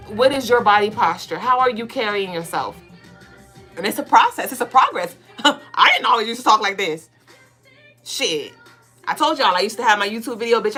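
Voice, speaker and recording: A woman co-hosting a podcast of casual spiritual talk. She speaks bluntly, swears freely and fires off rapid rhetorical questions. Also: fairly high pitch, sharp tone. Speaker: podcast co-host.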